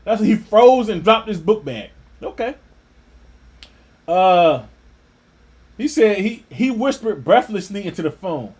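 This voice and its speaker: Male religious teacher reading aloud, high pitched and lively, with scornful asides. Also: unhurried, long pauses. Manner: animated, scornful asides with laughter.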